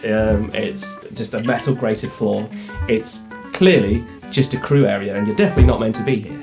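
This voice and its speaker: A man narrating a tabletop game as game master, often laughing and quickly voicing side characters. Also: fairly low pitch, music in the background.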